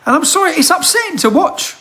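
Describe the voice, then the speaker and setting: A man's voice: very high-pitched, very animated, fast, pushed and bright. A man, delivering a heated rant full of rhetorical questions into a handheld phone. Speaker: political commentator. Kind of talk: impassioned monologue to camera.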